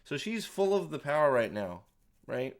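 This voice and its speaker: A show reviewer offers casual, sarcastic commentary over playback, mocking the scenes and swearing freely. His voice is a little high and very animated, and he talks at a normal speed.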